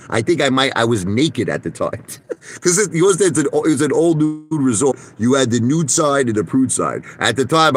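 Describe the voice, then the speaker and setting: A middle-aged man talking to his viewers from his parked car in a casual, profane monologue full of restarts and tangents. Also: mid-range voice. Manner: blunt, profane storyteller with many restarts. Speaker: vlogger.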